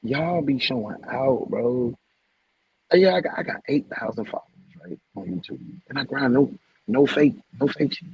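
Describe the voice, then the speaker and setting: A man hosting a casual livestream, heartfelt and repetitive, shouting out viewers by name. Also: medium pitch, lively intonation, normal speed, gravelly, husky, dull audio. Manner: heartfelt, preachy, repeats phrases. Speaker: livestream host.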